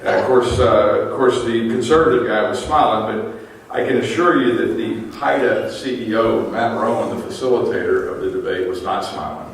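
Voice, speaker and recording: A man's voice: on the low side, moderate pace. A middle-aged man giving a teasing roast speech at a banquet, telling anecdotes with dry punchlines. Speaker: roast speaker at an awards dinner. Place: large banquet hall. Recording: very echoey hall, distant mic, faint room noise.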